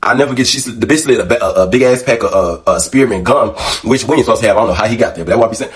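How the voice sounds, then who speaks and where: A man's voice: on the low side, racing. A man hosting a casual storytime vlog, candid and profane, acting out the lines of the people in his story. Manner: profane, candid storytelling that acts out quoted dialogue. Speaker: vlog host.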